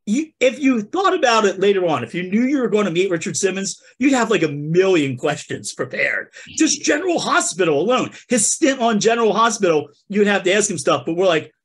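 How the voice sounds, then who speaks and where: A man's voice: high-pitched, big pitch swings, a little fast, hardly any pauses, husky. A man hosting a comedy podcast, telling a funny story in a playful way and talking straight to the listeners. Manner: playful, addresses listeners as folks. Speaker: podcast host. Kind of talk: comic storytelling.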